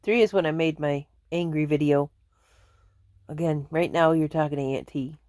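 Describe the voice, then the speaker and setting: A woman's voice: sits low, steady tone, normal speed, a little mellow, dry recording, studio quality. A woman chatting casually to her viewers from home, rambling and laughing often. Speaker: vlogger. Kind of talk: casual chat to camera.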